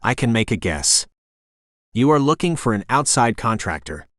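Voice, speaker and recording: A man voices a calm, terse former special-forces soldier who is a candidate, giving clipped, respectful answers. His voice is medium in pitch, sing-song, fairly bright, and moderately paced. The studio recording is clean with no room sound.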